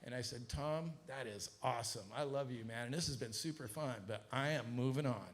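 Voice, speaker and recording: A middle-aged man from Southern California telling a business story to an audience, acting out the quoted voices with a rising pitch. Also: brisk. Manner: animated, acts out quoted dialogue with rising pitch. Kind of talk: casual storytelling talk to an audience.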